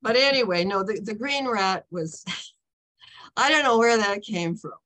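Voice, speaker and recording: A woman's voice: medium pitch, animated, unhurried, a bit bright. A woman in her seventies, an author telling stories in a casual talk, rambling and breaking in on herself with frequent "okay?" and "you know" check-ins. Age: 70s.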